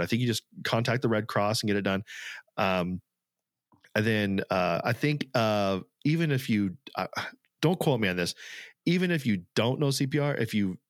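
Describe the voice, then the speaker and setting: A man's voice: on the low side, dry recording, clean studio sound. A man co-hosting a podcast, talking casually and earnestly, rambling with fillers and restarts. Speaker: podcast co-host. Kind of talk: casual chat.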